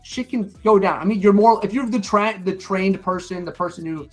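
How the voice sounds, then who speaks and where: A man's voice: sits high, moderate pace, faint music behind. A middle-aged man chatting casually on a stream, telling stories with lots of swearing and acting out what people said. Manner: animated storyteller, acts out quotes, swears freely. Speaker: stream co-host. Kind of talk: casual chat.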